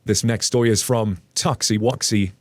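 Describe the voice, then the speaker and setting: Low-voiced man reading stories casually. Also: fairly even intonation, moderate pace, no echo. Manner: chatty, addresses listeners directly. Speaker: story narrator.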